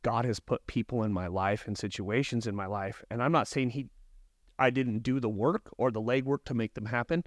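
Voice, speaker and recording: A man talks earnestly and reflectively as a podcast guest, often restarting his sentences. His voice sits at an ordinary middle pitch, and the studio sound is dry and close. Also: fairly even intonation, normal speed, no room sound. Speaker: podcast guest, life coach. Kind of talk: casual podcast conversation.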